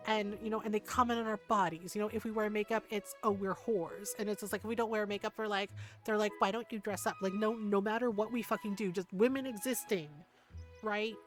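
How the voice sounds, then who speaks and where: A woman's voice: mid-range voice, fairly even intonation, quick pace. Woman streamer ranting over faint music. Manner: heated, profane rant with frequent "like" and "right?". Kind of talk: casual livestream chat.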